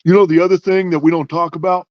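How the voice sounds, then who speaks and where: A man's voice: high-pitched, level tone, quick pace, no echo, muffled recording. A man hosting a podcast who argues his points casually, stacking up rhetorical questions. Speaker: podcast host.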